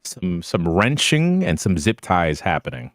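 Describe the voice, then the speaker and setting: A man's voice: low-pitched, unhurried, no echo, clean studio sound. A man chatting as a guest, telling stories animatedly and acting out the people he quotes. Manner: animated storyteller, acts out quoted voices. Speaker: podcast guest and voice actor. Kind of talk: casual chat, storytelling.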